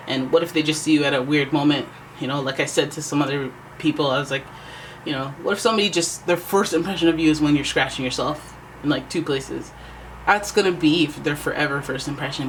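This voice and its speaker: A tarot reader talking casually to the viewer, sassy and teasing, with lots of "like" and quick asides. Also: mid-range voice, fairly bright tone, slight background noise, poor audio. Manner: chatty and conversational, full of "like" and asides. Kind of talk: casual tarot reading to camera.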